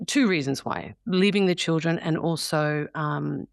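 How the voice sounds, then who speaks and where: An Australian woman in her forties, an actress telling stories in an interview, animated and expressive. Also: low voice, a little slow, creaky, no room sound, studio quality. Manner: animated, expressive, acts out quoted voices. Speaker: actress guest. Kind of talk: candid interview storytelling.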